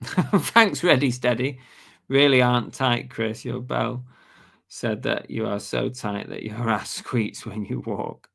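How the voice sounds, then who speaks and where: A man's voice: medium pitch, takes it slowly, creaky, a bit bright. A British man hosts a casual live stream, reading viewer comments aloud and answering them in an easygoing, chatty way. His voice sounds a little worn, as he is losing it. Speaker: livestream host.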